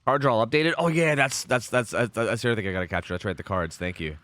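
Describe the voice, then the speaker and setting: A man's voice: medium pitch, fast talker, a bit bright, no echo. A man hosting a casual livestream who swears a lot, rambles, and keeps thanking subscribers.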